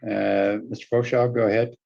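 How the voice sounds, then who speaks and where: A man presiding as judge, briskly cutting testimony short and giving the floor. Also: on the low side, little pitch movement, gravelly, darkish tone, lo-fi sound.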